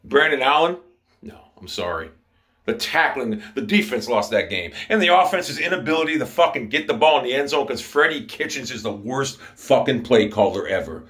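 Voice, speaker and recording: A man's voice: medium pitch, lively intonation, normal speed, fairly bright tone. Angry man ranting profanely. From Ohio, USA. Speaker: sports commentator. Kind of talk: angry fan rant.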